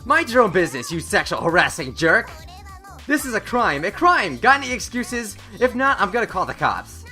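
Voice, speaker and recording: A man voicing an indignant, bossy young female schoolgirl from a visual novel game, with a shrill, accusing manner. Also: sing-song, a little fast, sharp tone, soft background music, heavily acted. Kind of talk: reading visual novel dialogue aloud.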